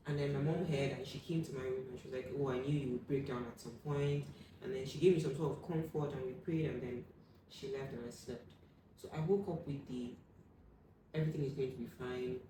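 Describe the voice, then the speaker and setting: A young adult woman telling a personal story as an interview guest, acting out what people said with sudden loud high bursts. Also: far from the mic. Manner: animated, acts out quoted voices with sudden loud high bursts. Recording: echoey room, voice from off the mic, faint room hum.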